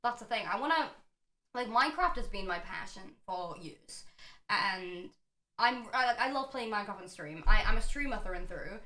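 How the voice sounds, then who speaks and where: A woman's voice: mid-range voice, animated, moderate pace, bright, forceful tone, reverberant. A woman guest on a casual podcast, chatting with a lot of energy, swearing and laughing often.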